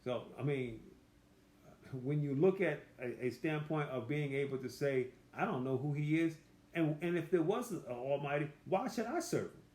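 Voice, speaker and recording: Guy teaching bible study, kinda high voice, reads the verse slow then breaks it down casual, echoey room. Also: a little mellow. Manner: reads verses slowly and emphatically, then explains in plain folksy talk.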